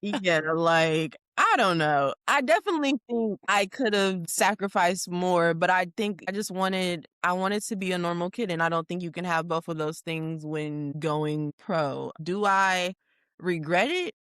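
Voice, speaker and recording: A woman's voice: on the low side, unhurried, fairly bright tone, clean tone, dry recording, studio quality. Candid young woman, rambling casual chat. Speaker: podcast co-host.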